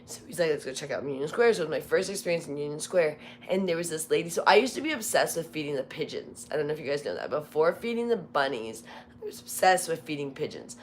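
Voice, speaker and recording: Woman livestream host, deep for a woman, chatty and meandering, voice prone to cracking. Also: animated, quick pace, a little hiss or hum. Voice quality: voice cracks when tired. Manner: rambling storyteller, heavy use of "like". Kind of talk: casual livestream chat.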